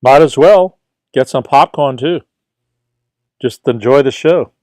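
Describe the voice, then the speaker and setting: A middle-aged man from Brooklyn with a New York accent hosts a casual livestream as a tutor. He reads viewer questions aloud and answers them in an easygoing, chatty way. His voice is smooth and clear, mid-pitched, and recorded dry and close. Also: unhurried, a little mellow, no echo.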